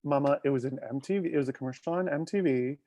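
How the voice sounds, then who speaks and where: A man's voice: medium pitch, dark tone. A man chatting on a casual live stream, telling gossipy stories and laughing often. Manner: gossipy, quick storytelling with bursts of laughter. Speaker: guest.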